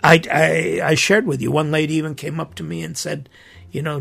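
A man's voice: on the high side, level tone, fairly quick, gravelly, fairly bright tone, slightly rough, faint music behind. A middle-aged man, a priest hosting his own podcast, speaking in an earnest, indignant and emphatic monologue.

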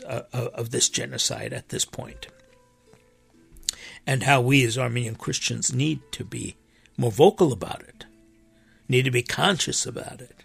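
Earnest male preacher in casual talk, very gravelly and husky, dry sound with faint music behind. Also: medium pitch. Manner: earnest, emphatic, with animated rises and quoted voices. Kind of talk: impassioned conversational talk.

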